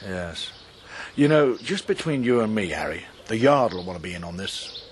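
A man's voice: on the low side, expressive, moderate pace, slight background noise, natural voice. A man playing a shrewd inspector. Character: calm, shrewd country police inspector. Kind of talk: radio drama acting.

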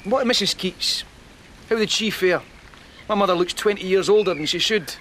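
A man's voice: high voice, normal speed, a bit bright, a little hiss or hum, poor audio. An actor with a Scottish accent playing a resentful young policeman son with a cutting, accusing way of talking. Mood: angry.

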